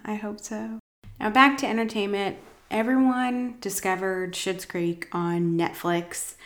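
A woman hosting a casual podcast, chatting enthusiastically and rambling a bit about TV shows. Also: medium pitch. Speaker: podcast host. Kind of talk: casual chat, reviewing TV shows. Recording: roomy echoey room.

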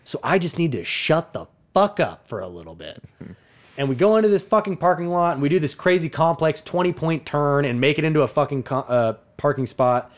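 A young man co-hosting a podcast, telling a profane, animated story and laughing often. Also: on the high side, brisk. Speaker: podcast co-host. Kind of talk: casual storytelling chat.

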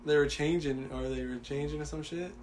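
A man's voice: fairly high pitch, steady tone, fairly quick, a little mellow. A man co-hosting a casual podcast, joking around and chiming in with short replies. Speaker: podcast co-host. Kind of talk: casual chat.

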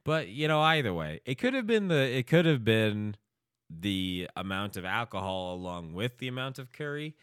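A man's voice: lowish voice, very animated, normal speed, fairly bright tone, clean tone, no echo, studio quality. A man co-hosting a podcast, rambling and swearing freely in crude casual chat, laughing often. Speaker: podcast co-host.

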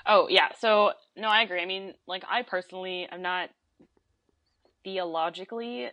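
A young woman in her twenties talks as a podcast guest, chatty and loose, laughing easily between thoughts. Her voice sits a little low for a woman. The sound is close and dry, with no room around it. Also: moderate pace, sharp tone, no room sound. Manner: chatty, laughs often, many "like" fillers. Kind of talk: casual conversation.

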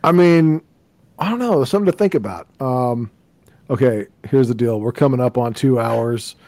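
A man co-hosting a podcast, chatting in a relaxed, easy way and laughing easily. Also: mid-range voice, moderate pace, dry recording. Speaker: podcast co-host. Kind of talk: casual podcast chat.

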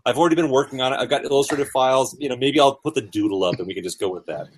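A man's voice: mid-range voice, racing, slightly rough. A man hosting a podcast in casual chat, rambling with lots of fillers and casual swearing. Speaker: podcast host.

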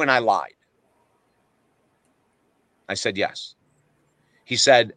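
A middle-aged man speaks with a bright, forceful tone, recorded close and dry with no room sound. He is a podcast guest, blunt and emphatic, who pokes fun at himself as he tells his stories. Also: lowish voice, extremely slow, pauses often, no room sound, poor audio. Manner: emphatic, blunt, self-deprecating. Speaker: guest author. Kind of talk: animated podcast storytelling.

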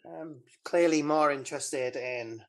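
A woman's voice: sits low, unhurried. Woman co-host, casual rambling film recap, giggly and loose, lots of ums. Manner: chatty, rambling, giggly recap with many fillers. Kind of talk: casual chat.

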